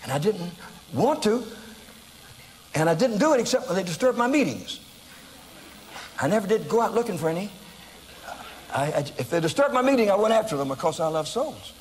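A man from the United States preaching, telling a story from the pulpit and swinging from quiet asides to loud acted shouts. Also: high voice, sing-song, fairly quick, long pauses, slight background noise, poor audio. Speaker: evangelist preacher. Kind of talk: sermon storytelling.

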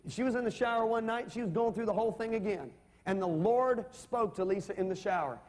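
A man's voice: high voice, fast talker, darkish tone. A man preaching a sermon, emphatic and calling on the congregation for amens. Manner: emphatic, calls for amens and audience responses. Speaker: pastor. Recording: long reverb of a large hall.

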